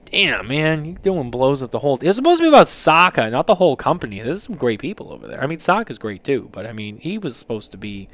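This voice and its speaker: A man's voice: medium pitch, fairly bright tone. A man hosting a casual show, reading listener submissions aloud and reacting with loose, joking, profane commentary. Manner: loose, joking, swears freely, reads out and reacts. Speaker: podcast host.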